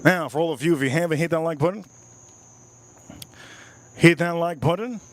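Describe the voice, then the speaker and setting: An excited man hosting a live stream, talking through whiskey and cooking. His voice sits a little high, and he keeps repeating phrases as he talks to his chat. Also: moderate pace. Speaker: livestream host.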